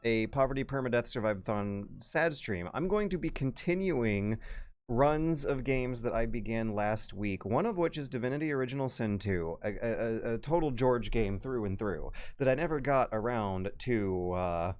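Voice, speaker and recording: A man's voice: medium pitch, lively intonation, moderate pace, darkish tone, smooth. A man streaming live, chatting casually in a rambling, self-interrupting, wry way, his throat a little dry. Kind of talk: casual livestream chat.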